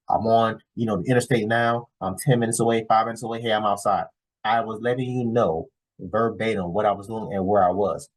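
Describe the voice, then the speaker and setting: A man vlogging a casual, animated story, acting out dialogue and tossing in "whatever" often. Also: lowish voice, low-quality recording. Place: lives in Florida.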